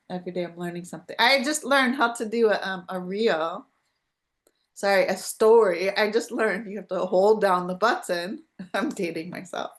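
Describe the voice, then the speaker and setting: A woman hosting a live spiritual podcast over a video call, talking casually in a rambling, chatty way with frequent restarts. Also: medium pitch. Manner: rambling, chatty, self-interrupting with laughs. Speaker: podcast host.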